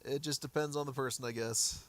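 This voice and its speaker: Steady in tone and fairly quick, a medium-pitched male gaming streamer chats casually on his livestream. He answers chat in a rambling way, frequently starting over, his voice a bit worn as it begins to go.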